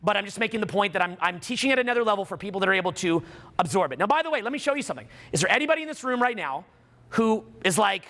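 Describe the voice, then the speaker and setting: A man giving a live motivational seminar to a room, energetic and preachy, acting out little voices and shouting for emphasis. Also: high-pitched, rapid-fire. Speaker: seminar speaker.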